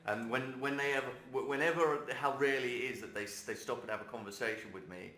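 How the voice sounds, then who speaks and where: A man's voice: mid-range voice, fast. A young man chatting casually and animatedly while watching a game being played. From South London, England. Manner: animated, swearing, laughs easily. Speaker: gamer co-host. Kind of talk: casual gaming chat. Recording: roomy room, game music behind.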